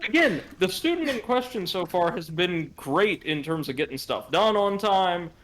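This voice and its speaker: A man's voice: high voice, lively intonation, normal speed, fairly bright tone, a little hiss or hum. Chatty man reading stream chat. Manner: reads chat messages aloud, chatty and joking. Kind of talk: casual live-stream chat.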